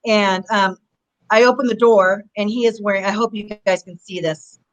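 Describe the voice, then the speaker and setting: Middle-aged woman, ex-wrestler guest, chatty and rambling, mid-pitched, video-call interview. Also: moderate pace, low-quality recording. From Southern California. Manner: rambling, animated storyteller. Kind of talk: casual interview chat.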